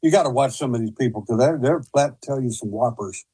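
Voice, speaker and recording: A man's voice: mid-range voice, fairly quick, dark tone, slightly rough, poor audio. A man who is a guest on a talk show, telling rambling stories with many hesitations and restarts. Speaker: guest investigator. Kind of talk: casual storytelling.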